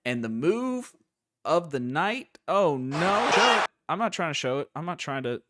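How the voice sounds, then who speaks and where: Animated, sarcastic American man. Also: a little high, a little slow, very noisy. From United States. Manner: animated, sarcastic, riffing with mock quotes. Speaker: wrestling commentary host. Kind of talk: opinionated live-stream commentary.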